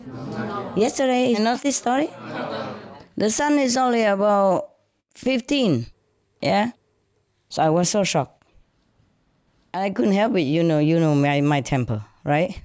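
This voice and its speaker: A woman telling a story casually in non-native, broken English, animated and often laughing. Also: mid-range voice, takes it slowly, pauses often, no echo.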